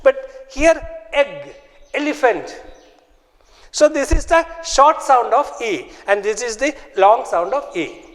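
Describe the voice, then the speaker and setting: A man teaches a phonics lesson in a very high voice. He speaks slowly and drills each sound and word again and again, and a long reverb trails behind him. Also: lively intonation, fairly bright tone. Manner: slow, repetitive, drills words aloud. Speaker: English teacher.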